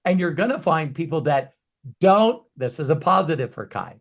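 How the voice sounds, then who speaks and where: A man coaching in a Q&A talk, emphatic and ranting, swinging from quiet asides to loud bursts. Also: on the high side, big pitch swings, moderate pace. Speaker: business coach.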